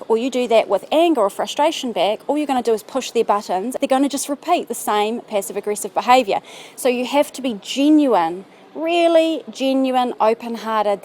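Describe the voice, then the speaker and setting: A woman coaching viewers through a simple self-help tip in a calm, earnest, encouraging way. Her voice sits a little high, and a faint hiss runs underneath. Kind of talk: direct-to-camera advice talk.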